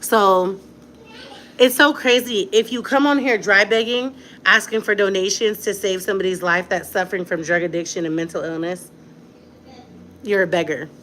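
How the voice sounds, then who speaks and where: A woman's voice: mid-range voice, normal speed, fairly bright tone, a little hiss or hum. A young woman talking straight to her viewers in a casual vlog, blunt and defiant, with a lot of slang. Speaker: vlogger.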